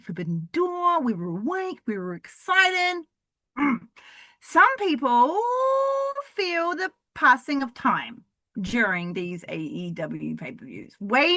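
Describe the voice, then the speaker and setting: Excitable woman podcast host, bright voice, lively pitch, profane, dry close sound. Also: dry recording. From Southern Hemisphere. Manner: excitable, profane, swings between loud bursts and mutters. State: losing her voice. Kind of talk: solo wrestling review podcast, casual chat.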